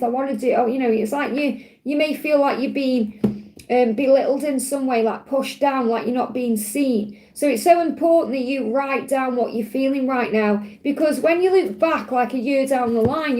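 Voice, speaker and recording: A woman with a Stoke-on-Trent accent, giving a gentle, chatty card reading on a live stream and answering viewers. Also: high voice, rough recording. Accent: Stoke-on-Trent English. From England. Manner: gentle, reassuring, chatty with frequent restarts. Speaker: tarot and angel card reader.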